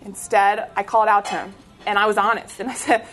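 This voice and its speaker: A young woman from the United States giving an inspirational talk, telling her story in an animated way with laughs. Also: medium pitch, brisk. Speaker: speaker sharing a faith testimony.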